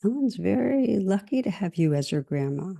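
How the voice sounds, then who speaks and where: A woman's voice: medium pitch, big pitch swings, normal speed, vocal fry, warm tone, voice pushed up. A woman voicing a polite male shopper who speaks admiringly.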